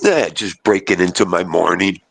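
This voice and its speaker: A man chatting casually on a phone call, telling animated stories and cursing often. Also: deep voice, moderate pace, slight background noise. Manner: gruff, animated storytelling with cursing. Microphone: phone line.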